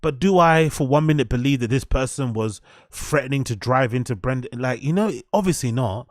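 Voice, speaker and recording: A man's voice: medium pitch, animated, brisk, no room sound, studio quality. A young British man hosting a casual reaction show, sarcastic, swearing, and firing mock questions at his chat. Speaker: host.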